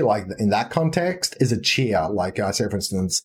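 A man's voice: fairly low pitch, big pitch swings, moderate pace. A man from rural Australia with a broad country accent, chatting casually as a podcast guest, laid-back and full of slang. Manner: laid-back, slang-heavy, says "yeah" a lot. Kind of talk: casual chat.

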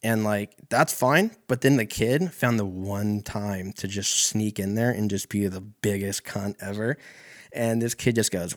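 Low-voiced man rambling with swearing. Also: a little slow. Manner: rambling, heavy swearing, self-correcting. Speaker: podcast host. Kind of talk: casual storytelling monologue.

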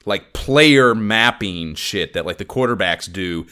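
A man's voice: fairly low pitch, animated, a little slow, sharp tone, clear, resonant tone. A man, co-hosting a casual gaming podcast, rambling and swearing with lots of fillers. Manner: rambling, profane, filler-heavy. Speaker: podcast co-host.

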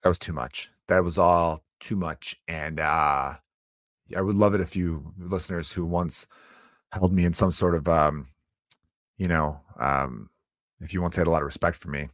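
A man with a deep, low voice rambles through a solo comedy rant on his podcast. He is profane and loose, jumping from loud bursts to muttered asides. The recording is close and dry. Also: no echo.

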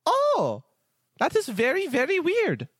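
A man voicing a jolly, chubby male elf in a high, chirpy, sing-song voice. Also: wildly swooping pitch, slow, fairly bright tone, no echo, studio quality, heavily acted. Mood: cheery.

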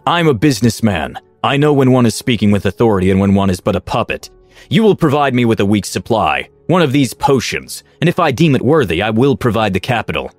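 A man's voice: fairly low pitch, very animated, quick pace, dry recording, faint music behind. A man voicing a stern, wealthy older father and shrewd businessman who speaks in a cold, commanding way.

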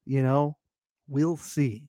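A man's voice: medium pitch, fairly even intonation, slow, dark tone, no room sound, clean studio sound. A man co-hosting a podcast in casual chat, easygoing and agreeable, chuckling often. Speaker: podcast co-host.

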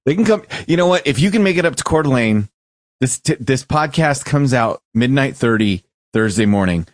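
A man co-hosting a casual podcast chat, animated and stop-start, laughing often. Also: medium pitch, moderate pace, no echo, studio quality. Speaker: podcast co-host.

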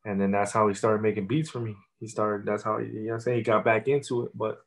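A man's voice: on the low side, quick pace, vocal fry. A man in his thirties, a rapper telling stories in a casual interview, swearing a lot and repeating fillers. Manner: profane, animated storytelling with many fillers.

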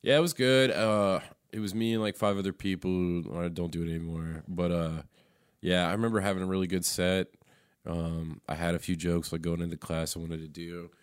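A man's voice: deep voice, steady tone, a little fast, clean tone, no echo, studio quality. A man chatting casually as a comedian guest, laid-back and full of fillers and chuckles. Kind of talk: casual podcast chat.

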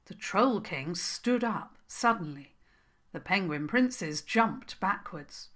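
A woman narrating a children's story, slow and expressive. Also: lowish voice.

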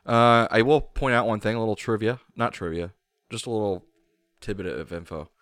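A man's voice: lowish voice, brisk, a bit bright, no echo, clean studio sound. A man co-hosting a casual podcast, talking in a laid-back, offhand way with some swearing. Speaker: podcast co-host. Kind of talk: casual chat.

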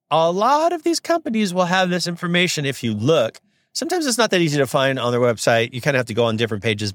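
A young Southern California man who hosts a podcast and works as a notary signing agent tells a story in a chatty, upbeat way. His medium-pitched, fairly bright voice has no echo, and he packs in fillers while acting out the voices he quotes.

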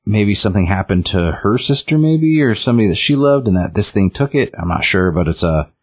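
Deep-voiced rambling man. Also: animated, brisk, slightly rough. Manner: rambling, many fillers and restarts. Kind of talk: casual comic book recap.

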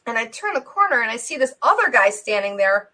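A woman with a fairly high voice, a guest on a talk show, tells a personal faith story, acting out the dialogue with big jumps in pitch and loudness. She's loose and conversational, using lots of fillers, and speaks a little fast.

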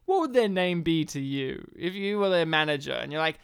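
A man chats about a film on a podcast. His voice is smooth and clear. He keeps the talk playful and often slips into short impressions of characters. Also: on the high side, animated. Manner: playful, acts out characters in quick bits. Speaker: podcast co-host. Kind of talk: casual film chat.

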